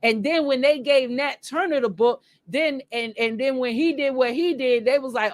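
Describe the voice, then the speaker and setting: A woman's voice: high voice, normal speed, hardly any pauses, dry recording. A woman hosting a casual livestream monologue, talking bluntly and emphatically with a lot of swearing. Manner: blunt, profane, emphatic ranting. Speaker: livestream host.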